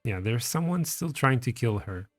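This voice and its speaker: A man's voice: mid-range voice, lively intonation, moderate pace, dry recording, faint music behind. A man casually commenting on his strategy game and reading its text aloud as he plays. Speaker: streamer playing a strategy game.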